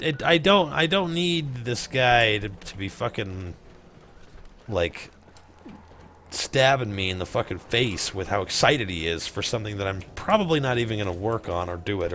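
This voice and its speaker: Deep-voiced profane man streaming a game. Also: fairly bright tone, slight background noise. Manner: profane, sarcastic, chatting with viewers. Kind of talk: casual let's play commentary.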